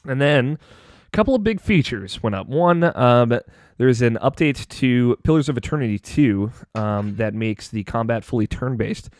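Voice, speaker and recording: A man's voice: medium pitch, animated, normal speed, a little mellow, no room sound, studio quality. A man hosting a gaming podcast, chatting casually and rambling with lots of fillers and restarts. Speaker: podcast host.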